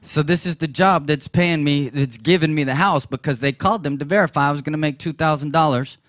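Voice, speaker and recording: A man giving a personal testimony at a church gathering, telling the story with laughs and sudden loud bursts. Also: a little high, brisk, no echo, clean studio sound.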